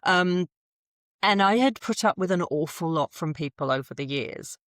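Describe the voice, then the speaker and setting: A woman's voice: on the low side, moderate pace, no echo, studio quality. A woman in her forties, a podcast guest telling frank stories with blunt humour and laughs. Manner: blunt, animated storytelling with laughs. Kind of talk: candid conversational interview.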